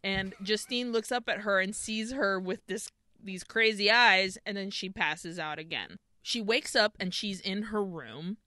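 Bright, swearing woman podcast host. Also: medium pitch, a little slow, no room sound. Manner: animated, profane, laughing retelling. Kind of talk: casual film recap chat.

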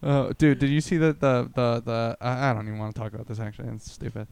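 A man's voice: medium pitch, steady tone, fast, creaky, darkish tone, smooth. A man co-hosting a casual comedy podcast, rambling through crude stories and acting out quotes from people he met. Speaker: podcast co-host.

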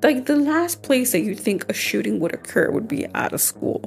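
A young woman co-hosts a podcast in casual chat, her voice on the high side, expressive, with vocal fry at a moderate pace. She talks loosely and conversationally, full of fillers and restarts.

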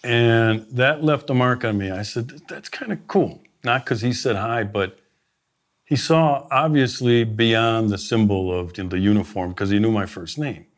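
On the low side and at a normal speed, a man's voice belongs to a former sheriff appearing as a podcast guest. He tells lively stories in a conversational interview, performing the words of himself and other people.

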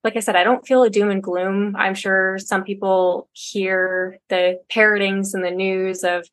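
A woman's voice: mid-range voice, level tone, unhurried. A young adult woman, a podcast guest, talking casually and reassuringly. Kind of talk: casual interview talk.

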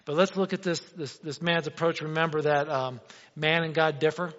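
A man preaches in an easy, talky way, firing off rhetorical questions, his voice sitting a little high. The sound is dull and lo-fi, with a long reverb trailing after each phrase. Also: fairly even intonation, normal speed, fairly bright tone. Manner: conversational, asks rhetorical questions, acts out quotes. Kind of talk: sermon.

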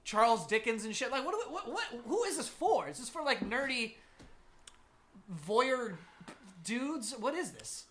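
A man's voice: very high voice, sing-song, a little slow, bright, forceful tone, slight background noise. A man co-hosting a comedy podcast, riffing in casual, crude banter and laughing often. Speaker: podcast co-host.

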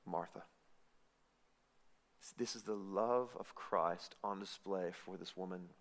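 A man preaching a sermon, swinging from loud emphatic lines to hushed, intimate ones. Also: low-pitched, unhurried. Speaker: pastor. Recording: reverberant hall.

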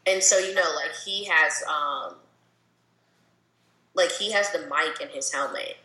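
A woman's voice: low voice, a little slow, pushed and bright, roomy sound, low-quality recording. A woman chatting casually, telling stories animatedly with lots of "like" and quoted asides. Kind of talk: casual chat.

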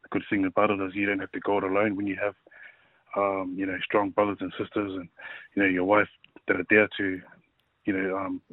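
A man in his thirties, a rugby league player, telling his personal story in a casual interview, halting and full of fillers. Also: deep voice, completely flat delivery, no echo. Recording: tinny phone-like line.

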